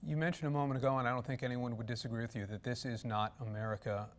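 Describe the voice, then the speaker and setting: Brisk male TV news anchor. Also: medium pitch, steady tone. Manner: brisk, formal questioning. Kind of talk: news interview.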